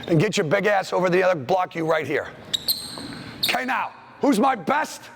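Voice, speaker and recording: Brief: male clinic coach, lively up-and-down delivery, snaps quick commands on court, faint noise behind. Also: high-pitched, gravelly. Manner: brisk commands, calls out plays. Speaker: basketball coach leading a clinic. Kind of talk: on-court coaching drill instruction. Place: school gym.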